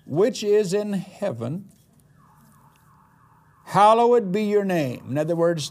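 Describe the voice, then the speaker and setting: A man preaching a sermon, slowing down for dramatic, emphatic declarations and then rushing through asides. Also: a little high, a little mellow. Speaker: pastor.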